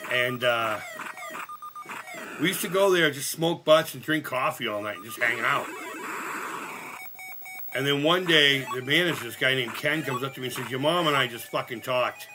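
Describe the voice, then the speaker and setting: A man hosting a live gaming stream. He is sick, and his voice sounds higher than usual. He chats casually, cracks jokes, swears a lot, and shouts at the game. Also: moderate pace, pauses often, noisy background. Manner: profane, joking, loud outbursts at the game. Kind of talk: casual live-stream chat while playing.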